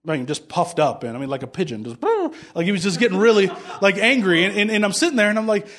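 This high-pitched, slightly bright-sounding pastor talks fast, delivering a chatty sermon where he tells stories and performs both sides of the conversations in them.

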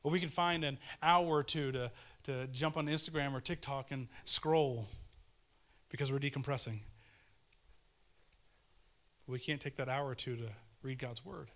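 A man in his thirties giving a casual, earnest devotional sermon, pleading with listeners and swinging between fervent urgency and hushed tenderness. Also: medium pitch, steady tone, normal speed, long pauses. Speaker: preacher.

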